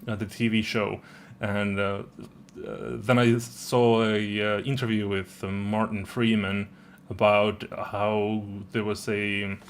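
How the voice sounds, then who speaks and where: A man's voice: lowish voice, little pitch movement, slow pace. A man from Finland with a Finnish accent, co-hosting a casual podcast chat, hesitant and laughing often. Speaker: co-host.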